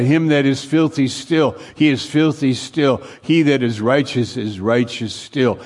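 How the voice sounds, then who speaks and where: A man preaching a sermon slowly and earnestly, repeating phrases for emphasis and often dropping to a hushed, low voice. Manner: slow, earnest preaching with long pauses, sinking to a hushed low voice.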